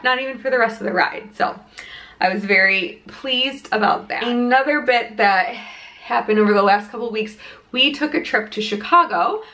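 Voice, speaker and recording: A woman's voice: medium pitch, bright, forceful tone. Breathless, chatty young woman vlogging. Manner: chatty, rambling with many restarts and "like" fillers. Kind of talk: casual pregnancy update vlog. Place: home room lit by a ring light.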